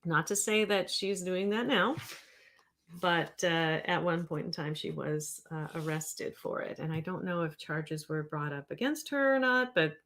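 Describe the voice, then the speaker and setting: A woman in her fifties with a lowish voice hosts a casual livestream as a therapist. She rambles loosely from point to point and pauses to answer viewer comments. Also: a bit bright. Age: 50s.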